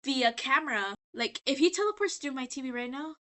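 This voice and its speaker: A tipsy woman casually rambling through a recap while she draws. She is chatty and profane, and she acts out characters' lines in quick bursts. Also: sits high, expressive, pushed and bright.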